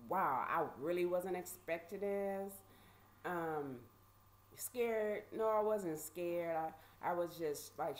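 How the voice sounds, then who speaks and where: A woman vlogger casually telling a personal story, animated and conversational with lots of fillers. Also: on the low side, slight background noise.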